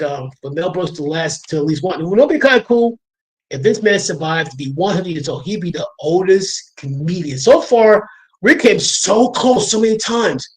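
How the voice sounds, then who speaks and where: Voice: mid-range voice, rough recording. Laughing rambling New York host. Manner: rambling, laughs often, animated. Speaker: livestream host. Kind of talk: casual chat.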